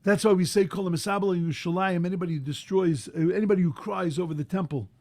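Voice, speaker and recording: A man giving a sermon as a rabbi, impassioned, rising to loud emphatic peaks, mixing in Hebrew terms and translating them. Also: high voice, steady tone, quick pace, dry recording.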